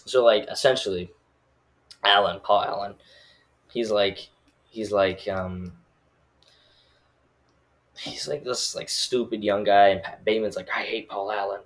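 A man's voice: on the low side, fairly even intonation, a little slow, pauses often. A man casually recapping a movie, rambling and full of filler words.

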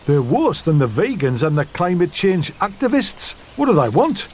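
A high, swooping Newcastle accent for a fussy farm wife who wrings every line for drama. The radio soap parody is theatrical and overdone, and the voice leaps up and down through each sentence. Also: male voice, very animated, normal speed, a little mellow, a little hiss or hum. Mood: dramatic. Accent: Newcastle, put on. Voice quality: exaggerated, theatrical.

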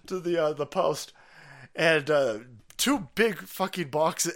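A man's voice: on the high side, sing-song, moderate pace, fairly bright tone. Guy cussing and cackling through a livestream, voice jumps all over the place. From South Carolina. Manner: profane, laughing, rambling. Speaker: livestream host reading viewer messages. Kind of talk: casual livestream chat.

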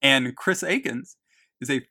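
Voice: medium pitch, a little slow, sharp tone, dry recording. A young adult talks as a podcast guest in eager, chatty casual conversation. The voice comes through a dry, close mic with no room sound. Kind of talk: casual chat.

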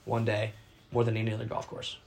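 A man's voice: fairly low pitch, completely flat delivery, quick pace, creaky, a little mellow. A young man hosting a casual sports podcast, easygoing and asking his guest questions. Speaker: podcast host.

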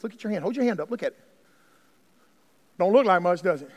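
A man's voice: very high voice, animated, fairly quick, long pauses. Male pastor, fervent sermon, long church-hall reverb. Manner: fervent preaching, calls to the congregation, swings from hushed to shouting. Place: church sanctuary.

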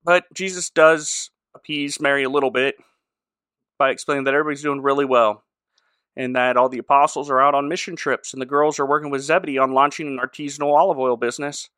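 A man's voice: medium pitch, fairly even intonation, quick pace, pushed and bright, smooth, no room sound, clean studio sound. A man co-hosting a podcast, recapping a show in casual chat and joking around. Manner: jokey, acts out characters in exaggerated voices. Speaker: podcast co-host.

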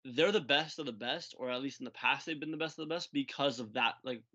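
A man with a mid-pitched voice co-hosts a sports podcast in casual, hesitant talk full of small restarts. His audio sounds dull and lo-fi, as if the highs were cut off. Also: fast talker, sharp tone. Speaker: podcast co-host.

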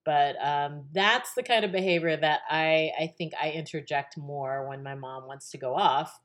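Low-voiced woman telling a story, laughing. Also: normal speed. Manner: lively, laughing, many fillers and restarts. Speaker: podcast guest. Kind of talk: casual storytelling in an interview.

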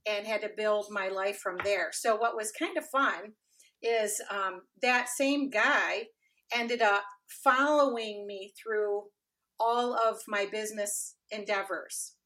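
A middle-aged woman telling her career story as a podcast guest, animated, acting out dialogue with lots of fillers. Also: medium pitch, takes it slowly. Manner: animated, acts out quoted dialogue, frequent fillers. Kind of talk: casual interview storytelling.

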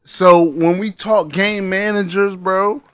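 A man hosting a casual fantasy football podcast, talking in slow, emphatic, profane banter. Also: high voice, steady tone, fairly bright tone, clear, resonant tone, no room sound, clean studio sound. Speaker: podcast host. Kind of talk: casual sports chat.

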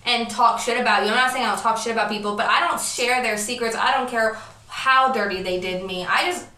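Bright woman, distant and echoey. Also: on the high side, fairly even intonation, brisk, slight background noise. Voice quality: frank, emphatic. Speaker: podcast co-host. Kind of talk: casual chat. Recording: echoey, from off-mic.

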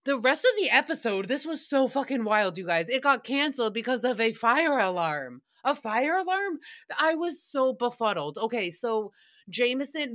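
A podcast host with a fairly high, slightly bright voice chats casually through a recap, hopping from tangent to tangent and swearing often.

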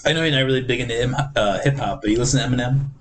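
A man's voice: mid-range voice, rapid-fire, noisy background. A man in casual podcast chat, asking offhand joking questions. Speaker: podcast co-host.

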